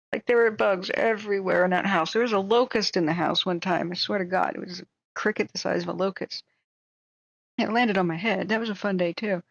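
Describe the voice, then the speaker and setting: A woman hosting a livestream, telling a rambling story in a casual, animated way, acting out what people said. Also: medium pitch, moderate pace, vocal fry, pauses often, no echo. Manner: animated, rambling, acts out quotes with shrieks and laughs. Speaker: livestream host.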